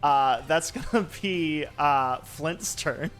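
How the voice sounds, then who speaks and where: A man's voice: fairly high pitch, takes it slowly, a bit bright, soft background music. A young man narrating as game master, loose and full of fillers.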